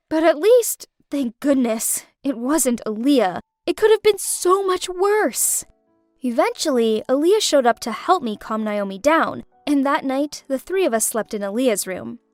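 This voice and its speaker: Animated high-voiced young woman storyteller. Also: no echo, clean studio sound. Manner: animated, dramatic. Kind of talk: first-person storytime narration.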